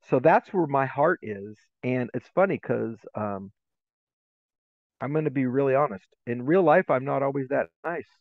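A man's voice: medium pitch, moderate pace, no echo. A middle-aged man, a guest educator, telling stories in a podcast interview and acting out the voices in them. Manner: animated, acts out voices in his stories. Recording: tinny, phone-like remote line.

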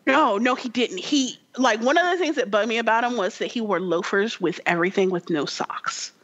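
A woman's voice: fairly high pitch, fairly quick, a bit bright, dull audio. A woman co-hosting a podcast in casual chat, telling a story animatedly with lots of fillers and acting out the characters. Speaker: podcast co-host.

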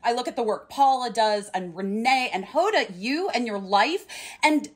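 A woman's voice: fairly high pitch, expressive, moderate pace. A woman speaking effusively and emotionally as a guest on a video call interview. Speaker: guest actor.

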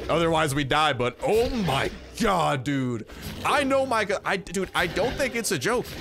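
A young man commentating on his own gameplay, his voice sitting a little higher than most men's. He rambles and jokes at a quick clip, then leaps up into high, loud exclamations whenever the game turns on him. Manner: excitable, jokey, rambling, jumps to high exclaims. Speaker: gaming channel host.

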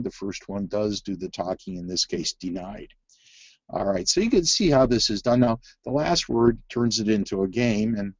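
Halting man with a low voice. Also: a little mellow, no room sound, lo-fi sound. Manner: halting, many fillers and restarts. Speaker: reading teacher presenting a webinar. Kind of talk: webinar presentation.

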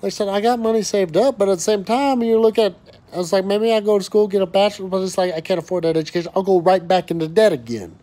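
A man's voice: high-pitched, fast, dark tone. Fired-up, foul-mouthed man. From West Texas. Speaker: oil and gas worker vlogger. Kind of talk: angry profane rant to camera.

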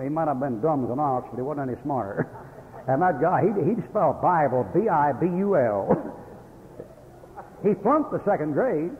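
An older man, a Baptist preacher delivering a folksy sermon, telling stories with chuckles and breaking into angry tirades. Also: a little high. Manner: folksy storytelling with sudden angry outbursts and chuckles. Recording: tinny phone-like old radio broadcast in a hall.

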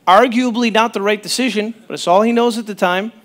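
Male pastor with a high voice, preaching casually and animatedly, restarting his sentences. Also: brisk. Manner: conversational, animated, breaks off mid-sentence. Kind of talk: sermon.

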